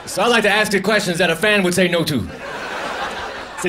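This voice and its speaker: A high-voiced man delivers deadpan one-liners and half-mumbled asides in a stand-up set. The live club recording carries clear audience noise and laughter underneath him. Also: a little fast. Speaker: stand-up comedian. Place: comedy club stage.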